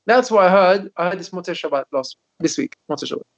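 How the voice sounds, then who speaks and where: A man, a rabbi, telling stories in a Torah class over a video call, animated and often repeating his words. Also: sits high, fast talker. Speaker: rabbi teaching a Torah lesson. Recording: dull lo-fi video call audio.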